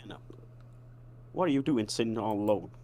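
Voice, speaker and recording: A man's voice: fairly low pitch, fairly quick, dark tone, natural voice. A man putting on a Southern accent to voice a folksy, ambitious elderly chicken tycoon in a dating game, in courtly, old-fashioned phrasing. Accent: put-on American Southern. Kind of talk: voice acting a dating game character.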